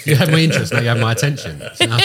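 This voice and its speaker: A man hosting a podcast, laughing and swearing through quick casual banter. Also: mid-range voice, a crowd in the background. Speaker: podcast host. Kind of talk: casual chat.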